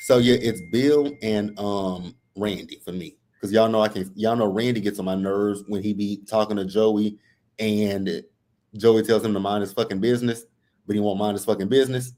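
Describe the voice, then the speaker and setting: A man co-hosting a soap opera recap livestream, laid-back and quick to laugh. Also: fairly low pitch, fairly even intonation, a little mellow. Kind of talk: casual livestream chat.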